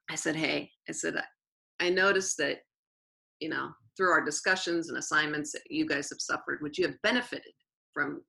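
A deep-voiced woman with vocal fry, a teacher, recounts stories during an interview on a low-quality recording. Her lively style includes dramatizing quoted speech and repeating her phrases.

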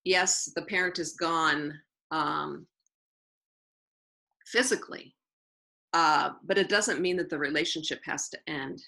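Low creaky-voiced woman teacher. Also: a little slow, pauses often, rough recording. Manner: earnest, animated storytelling with many restarts. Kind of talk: interview storytelling.

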